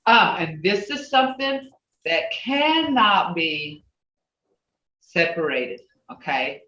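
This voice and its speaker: Over a video call, a language teacher guides a class through a lesson step by step, speaking slowly and patiently in a medium-pitched, sing-song voice. She's recorded from a distance in a roomy, echoing space, and the call audio is dull and muffled. She corrects small slips aloud as she goes and adds asides.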